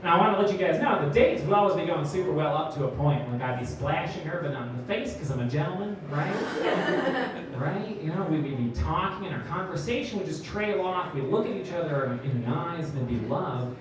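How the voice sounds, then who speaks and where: A young man delivers a stand-up set on a club stage, his voice high and bouncing all over as he acts out every character. The sound is distant and very roomy, with a crowd laughing loudly around him. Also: fairly quick. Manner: animated storytelling, acts out characters. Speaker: stand-up comedian.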